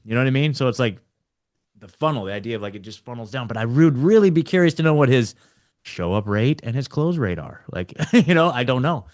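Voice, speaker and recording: Young guy hosting a chill roundtable, rambly, lots of likes and dudes, mid-pitched voice. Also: animated, brisk, a little mellow. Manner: rambling, laughing, restarts a lot; says like and dude often. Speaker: podcast host. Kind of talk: casual roundtable chat.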